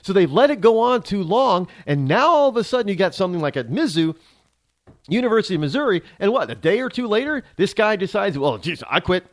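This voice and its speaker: A man's voice: high voice, very animated, fast, no room sound. A man from the United States hosting a talk show, ranting sarcastically in an opinionated monologue.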